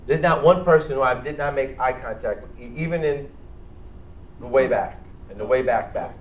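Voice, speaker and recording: Here the Bronx-accented workshop leader talks at a medium pitch and normal speed, being blunt and playful with his church-hall audience about health. The capture is echoey, distant, and lacking clarity.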